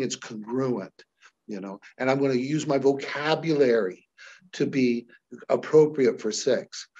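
A man with a husky voice teaching hypnosis in an animated, demonstrative way, often shifting his voice to show examples. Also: mid-range voice, lo-fi sound. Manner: animated, shifts voice dramatically for demos. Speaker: hypnosis trainer.

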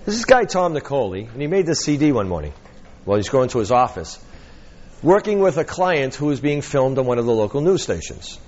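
Lively man telling stories in a workshop. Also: medium pitch, a little fast, lo-fi sound. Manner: animated storyteller, acts out quotes, laughs often. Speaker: hypnotherapy trainer. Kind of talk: teaching a workshop with anecdotes.

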